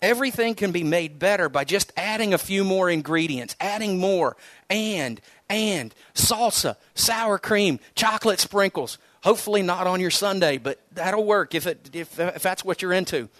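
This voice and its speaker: A middle-aged man from the United States preaching a sermon as pastor, in a conversational, animated storytelling way with frequent repeated words. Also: sits high, normal speed, no room sound.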